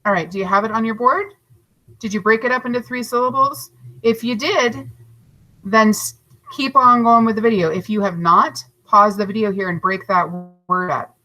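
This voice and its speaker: A woman teaching a third grade class in a recorded lesson, patient and encouraging, stretching words out slowly to split their syllables. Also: on the high side, fairly even intonation, sharp tone, poor audio. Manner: slow, overarticulated syllables and spelling.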